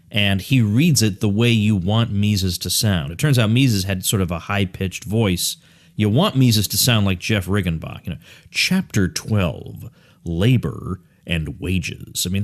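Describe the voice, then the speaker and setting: A man hosting a podcast interview, with a radio-style voice, chatty and laughing easily. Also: fairly low pitch. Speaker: podcast host. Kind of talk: casual interview chat.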